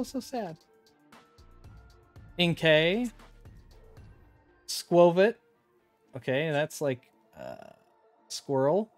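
A man's voice: on the high side, a little mellow, dry recording. A man streaming live, opening card packs and chatting casually with his viewers. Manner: chatty, reads card names aloud, talks to chat.

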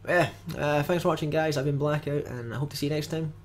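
A man's voice: fairly high pitch, steady tone, fast talker, a little hiss or hum. A young man giving casual, grumbling commentary with dry jokes as he opens card packs in a game video. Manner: dry, grumbling, jokey asides. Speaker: gaming video host.

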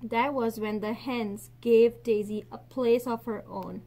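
A woman teacher reads a picture book aloud with lots of expression. Her voice is high and clear, and she slows and softens for quiet endings. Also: steady tone.

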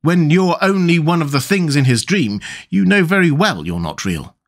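A man voicing a fussy, quarrelsome, childish little man who talks in an excitable, petulant way. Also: fairly high pitch, moderate pace, pitched above the performer's own voice. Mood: contrary.

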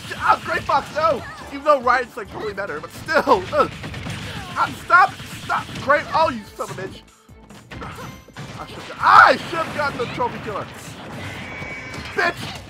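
Young male let's player, high and very animated, cursing and shouting, game music behind. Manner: excitable, swears a lot, yells at enemies. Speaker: gameplay commentator. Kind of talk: let's play commentary.

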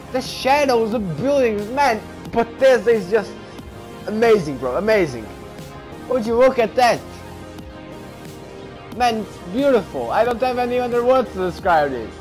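A man giving excited let's play commentary while gaming, often calling his audience bro. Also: sits high, normal speed, faint music behind. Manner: excitable, keeps saying bro. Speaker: gamer.

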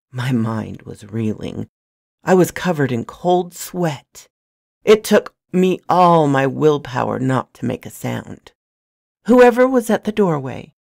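Woman, first-person novel narration, low voice, lively intonation, hushed, dry close mic. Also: creaky, no room sound. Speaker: storyteller.

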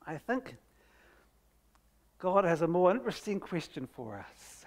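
During a church service, a preacher reads scripture aloud with a medium-pitched voice and big pitch swings. His delivery is slow and deliberate, hammering key words and letting each phrase sink almost to silence.

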